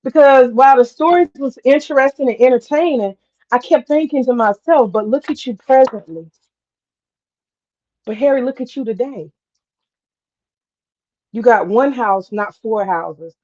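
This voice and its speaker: A woman talking casually on a livestream, drawling and animated as she tells a story, with asides to herself. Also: on the high side, moderate pace, dull audio. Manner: animated, drawling, swears casually, mutters to herself while cooking. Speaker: host.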